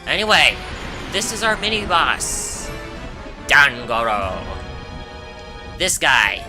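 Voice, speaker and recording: Low-voiced woman doing rambling game commentary. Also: very animated, takes it slowly. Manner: chatty, rambling, frequent "uh" and "anyway". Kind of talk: casual gameplay commentary. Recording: game music behind voice.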